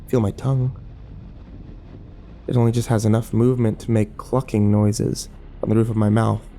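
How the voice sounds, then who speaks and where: A man narrating a first-person horror story in a measured voice. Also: on the low side, level tone, mellow, a little hiss or hum.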